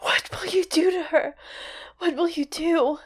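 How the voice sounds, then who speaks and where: A woman's voice: extremely high pitch, fairly even intonation, a little slow, pitched above the performer's own voice. A woman reading aloud as a terrified, tortured female witch who gasps and sobs out a prophecy. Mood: pleading. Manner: gasping, crying out in prophecy.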